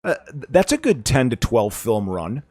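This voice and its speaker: A man's voice: mid-range voice, big pitch swings, normal speed, darkish tone, no echo. A man from the Chicago area hosting a podcast, rambling and laughing often as he chats. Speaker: podcast host. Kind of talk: casual chat.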